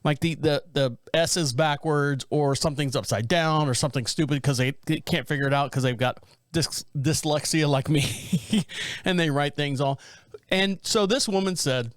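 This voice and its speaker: High-voiced man ranting through a story. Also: normal speed, no echo, clean studio sound. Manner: rambling, blunt, joking, reads a story aloud with asides. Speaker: podcast host. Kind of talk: casual storytelling commentary.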